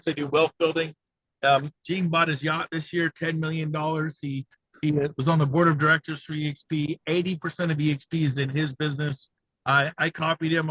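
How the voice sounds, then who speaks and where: A man talking with high energy and excitement on a video call from the passenger seat of a car, rambling and fired up. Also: no room sound, low-quality recording. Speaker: guest speaker, real estate agent coach.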